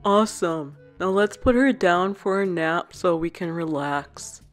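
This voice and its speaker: A woman putting on a laid-back teenage boy who teases his sister in a doll play story. The voice sits low and easy, with soft music far behind. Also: a little slow, close to an everyday voice. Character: teenage boy doll, teasing big brother.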